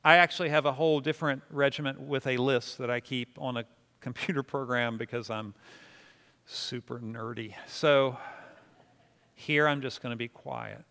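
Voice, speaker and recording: This pastor's mid-range voice is steady and sharp, with some vocal fry, delivered at a normal speed. Preaching to the congregation, he teaches prayer in an easygoing, self-deprecating, conversational way and has the room repeat responses after him. The sound carries a hall's long reverb.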